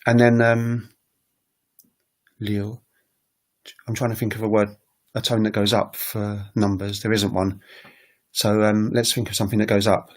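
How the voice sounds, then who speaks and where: Low-voiced man teaching on a livestream. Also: flat delivery. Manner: unscripted, pauses often with "um"; demonstrates tones by voicing example words. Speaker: language-learning channel host. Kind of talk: casual livestream explanation.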